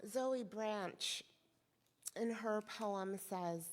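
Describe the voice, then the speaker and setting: A woman minister giving a soft, reflective sermon, lingering on her words. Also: mid-range voice, lively intonation, takes it slowly, big-room sound. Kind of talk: slow, gentle sermon. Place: church sanctuary.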